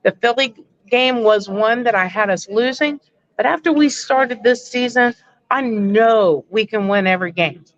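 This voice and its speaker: A woman's voice: on the high side, moderate pace, no room sound, muffled recording. A woman calling into a sports podcast, giving a firm, emphatic fan opinion. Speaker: caller. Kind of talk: casual sports call-in chat.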